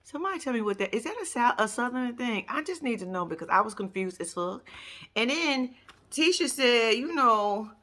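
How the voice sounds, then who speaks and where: Sassy, animated woman doing reaction commentary. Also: fairly high pitch, moderate pace. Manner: sassy, blunt and profane, talking straight to viewers. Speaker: reality TV reaction vlogger.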